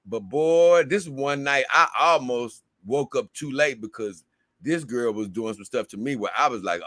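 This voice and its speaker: A man's voice: medium pitch, moderate pace, pushed and bright, no echo, clean studio sound. A man hosting a casual livestream, reading viewer comments aloud and rambling to his audience in a slangy, talkative way.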